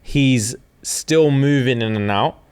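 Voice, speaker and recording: A man's voice: medium pitch, slow pace, darkish tone, clear, resonant tone. A man recapping a book on a podcast in casual slang, putting on the characters' lines as he tells it. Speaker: podcast co-host.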